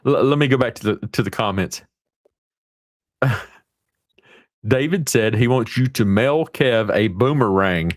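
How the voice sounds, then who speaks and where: A man's voice: medium pitch, a little slow, pauses often. A male host chatting casually and jokingly, reading out viewer comments. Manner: reads out viewer comments, jokey. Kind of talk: casual chat.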